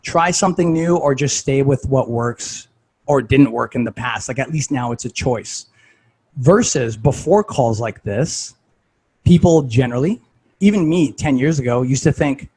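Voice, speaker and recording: A man's voice: medium pitch, measured pace, darkish tone, slightly rough, low-quality recording. A man talking casually as a fitness coach, conversational and full of "like" and "right?".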